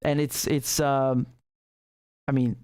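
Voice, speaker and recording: A man's voice: mid-range voice, flat delivery, slow, a little mellow, clean tone, no echo, clean studio sound. A male host giving heated, emphatic political commentary on a livestream, often restarting his sentences.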